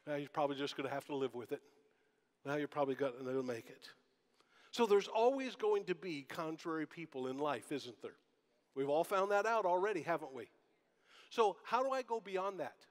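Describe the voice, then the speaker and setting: Pastor guy preaching, kinda high voice, talks right to the crowd with lots of questions, big church echo. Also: lively intonation, normal speed. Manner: conversational preaching with rhetorical questions. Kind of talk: sermon. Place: church sanctuary. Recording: long church hall reverb.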